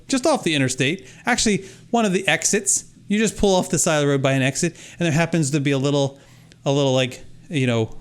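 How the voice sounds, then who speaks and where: A man co-hosting a podcast, telling stories in a casual, animated, mock-exasperated way. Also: a little high. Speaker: podcast co-host. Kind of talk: casual chat. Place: Florida.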